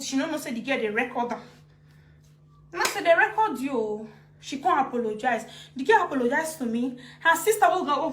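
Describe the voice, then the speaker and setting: A woman's voice: high voice, reverberant, a little hiss or hum. A woman with a Nigerian accent ranting emotionally on a live video, repeating herself with force. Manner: emotional, repetitive, animated. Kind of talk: heated live-video rant.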